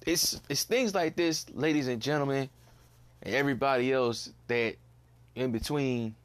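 A man's voice: medium pitch, normal speed, clear, resonant tone. A young man hosting a casual solo podcast, ranting bluntly, swearing and repeating himself in disbelief. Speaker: podcast host.

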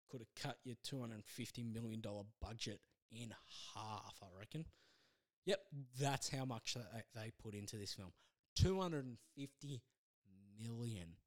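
A man hosting his own podcast, rambling casually through a movie review with self-deprecating asides and halting restarts. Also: medium pitch. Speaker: podcast host.

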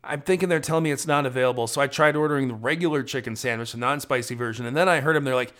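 A man's voice: mid-range voice, very fast, a bit bright. Tired man rambling into his phone while driving. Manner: chatty, rambling, self-deprecating. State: tired, drowsy. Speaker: travel vlogger. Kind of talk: casual driving monologue. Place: inside a car at night, driving in rain.

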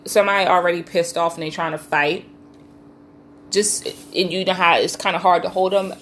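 A woman's voice: lowish voice, fairly even intonation, moderate pace, fairly bright tone, a little hiss or hum. A woman cutting in during a casual chat to tease her sister, swearing freely. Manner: teasing, interjecting, profane. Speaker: podcast co-host.

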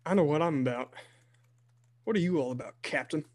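A man's voice: a little high, fairly quick, a little mellow, close to an everyday voice. A man playing a brash, blunt American man from Texas. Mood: gruff. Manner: blunt and confrontational.

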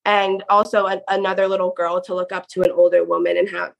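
A woman's voice: fairly low pitch, completely flat delivery, fast, vocal fry, poor audio. A woman guest telling her story in a casual, chatty way, full of "like" fillers. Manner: chatty, peppered with "like". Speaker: podcast guest.

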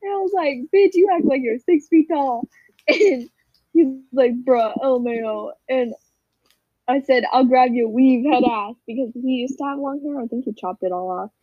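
High-voiced teen girl, animated storytelling. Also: moderate pace, dry recording. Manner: animated, acts out quotes, frequent laughs. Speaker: friend telling a story. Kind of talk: casual group chat storytelling. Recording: dull, dry lo-fi call audio.

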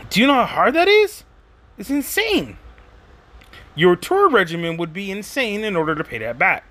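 Animated man ranting. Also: high-pitched, normal speed. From Texas. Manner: rambling, animated, conversational with slang. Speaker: podcast host. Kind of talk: casual monologue commentary.

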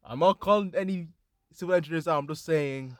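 A young man, a university student, chiming into a casual chat with quick, joking asides. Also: a little high.

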